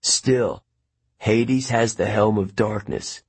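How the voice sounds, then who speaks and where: A man's voice: lowish voice, steady tone, slow, gravelly, husky, exaggerated voice. A man voicing a friendly but worried teenage boy camp counselor, speaking earnestly under tension.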